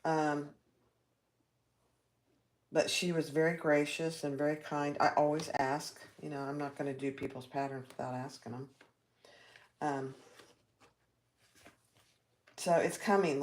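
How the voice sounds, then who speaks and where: A woman with a low, steady, darkish voice speaks at a measured pace and pauses often, with slight background noise. She's hosting a live sewing tutorial, chatting with viewers, reading their comments, and reacting aloud as she works.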